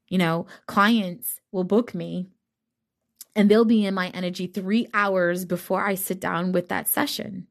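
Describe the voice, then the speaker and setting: A woman's voice: on the low side, fairly even intonation, a little slow, creaky. A woman giving a fired-up, blunt spiritual rant full of swearing, talking straight to her viewers. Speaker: spiritual reader. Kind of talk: ranting monologue.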